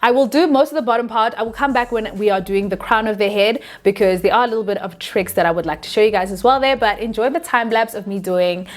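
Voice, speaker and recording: Young woman, hair tutorial host, chatty, casual, talks straight to viewers, mid-pitched voice. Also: quick pace, hardly any pauses.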